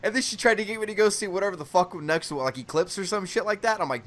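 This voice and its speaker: A man co-hosting a casual online chat, telling a long story in an animated, profane way and acting out what people said. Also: sits high, quick pace, few pauses, crowd noise. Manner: animated, profane, acts out quotes. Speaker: podcast co-host.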